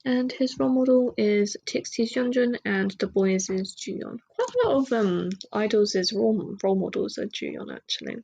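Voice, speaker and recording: A woman's voice: medium pitch, animated, moderate pace, vocal fry, hardly any pauses, a little mellow, slight background noise, poor audio. A woman hosting a solo podcast, chatting casually and rambling with fillers and side remarks. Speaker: podcast host.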